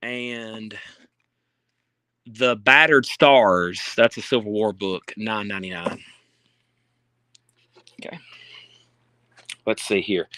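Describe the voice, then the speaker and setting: This bookseller livestreams from a store on a phone he holds, listing titles and prices and tossing in chatty remarks. He is out of breath, his medium-pitched voice pushed and bright, and there is no room sound.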